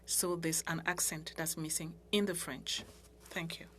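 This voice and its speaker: A woman working as a simultaneous interpreter in a committee meeting, speaking in a measured, halting way with restarts. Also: deep voice, flat delivery, heavy background noise. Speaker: interpreter voicing committee members. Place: committee room.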